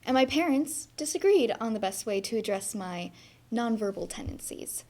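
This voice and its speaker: A woman's voice: fairly high pitch, lively intonation, moderate pace, a little mellow. A woman as a shy young narrator. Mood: wry. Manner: wry, reflective storytelling. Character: shy young woman recalling her quiet childhood. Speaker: stage actor. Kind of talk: theatre monologue narration.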